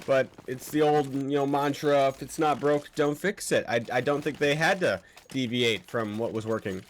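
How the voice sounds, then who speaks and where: A man's voice: mid-range voice, normal speed, a little hiss or hum. A man doing chatty, analytical color commentary on a match, asking rhetorical questions.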